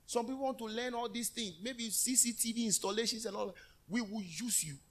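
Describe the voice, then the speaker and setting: A man preaching a lively call-and-response sermon in a church. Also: very high voice, brisk. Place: church hall.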